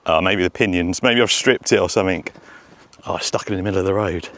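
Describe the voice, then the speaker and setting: A man testing a remote-control car outdoors by a road, chattering excitedly to himself as he films. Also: sits low, fast talker. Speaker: RC car vlogger. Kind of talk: casual self-narration while testing.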